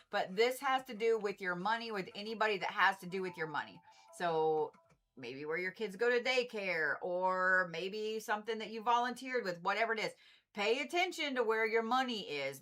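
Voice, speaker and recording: Bright-voiced blunt woman card reader. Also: medium pitch, moderate pace. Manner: blunt, swears freely, repeats herself for emphasis; animated, exasperated asides. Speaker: Reiki and zodiac card reader. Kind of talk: casual livestream card reading.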